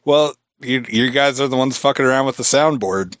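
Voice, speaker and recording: A man's voice: medium pitch, moderate pace, fairly bright tone, no room sound. A man co-hosting a podcast, reading the news in a laid-back, dry way. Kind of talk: casual podcast chat.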